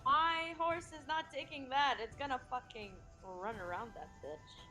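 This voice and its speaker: A woman playing a tabletop game over an online call, swearing freely and laughing in quick back-and-forth. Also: high-pitched, pushed and bright, soft background music. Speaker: player. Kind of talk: casual tabletop game chat.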